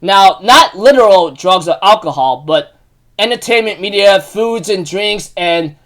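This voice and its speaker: A man recapping an anime episode in a casual, rambling way, with many fillers and restarts and sudden emotional outbursts. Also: high voice. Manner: bursts into loud excited outbursts.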